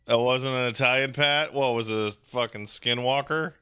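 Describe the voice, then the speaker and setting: A man's voice: mid-range voice, moderate pace, pushed and bright, clean tone, no room sound. A young man chatting casually as a streamer, joking, rambling and swearing while he reacts to videos.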